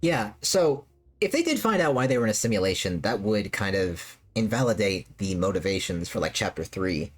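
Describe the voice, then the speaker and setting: Rambling woman streamer with lively pitch. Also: normal speed. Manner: rambling, repeats words, many fillers. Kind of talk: casual chat with live chat. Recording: faint music behind.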